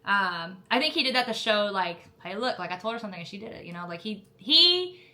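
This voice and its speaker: A woman's voice: mid-range voice, animated, a little fast, pushed and bright. A young woman casually telling a story about officer training, chatty and full of fillers, laughing now and then. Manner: laughs often while retelling. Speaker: Marine officer candidate telling her story.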